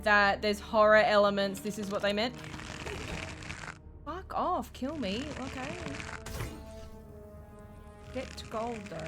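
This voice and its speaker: A young woman streaming a game and reacting out loud, jumpy and profane, shrieking and laughing at scares. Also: medium pitch. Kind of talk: live let's-play commentary.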